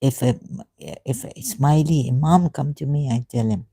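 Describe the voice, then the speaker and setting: Earnest halting man, dark voice. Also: mid-range voice, gravelly, slightly rough, no echo. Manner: halting, many restarts and fillers, earnest and pleading. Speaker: religious video commentator. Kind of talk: emotional monologue to camera.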